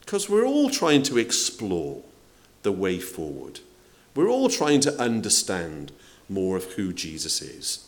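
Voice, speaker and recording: A man preaching to his congregation, his pitch rising and falling animatedly. He talks in a conversational way, throwing out rhetorical questions and acting out the quotes he tells. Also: huge pitch swings, slow, hardly any pauses. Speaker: pastor. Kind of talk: sermon.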